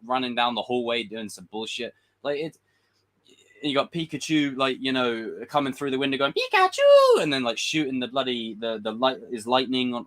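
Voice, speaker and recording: A man's voice: medium pitch, a bit bright. A man hosting a livestream, giving blunt, profane film opinions in casual, rambling talk. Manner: rambling with quick voiced impressions. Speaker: livestream host.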